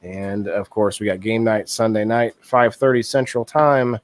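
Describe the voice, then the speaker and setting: Guy hosting a live stream, thirties, rambly, thinks out loud, laughs a lot. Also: on the low side, steady tone, a little slow, no echo. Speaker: host of a live-stream talk show. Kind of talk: casual live-stream chat.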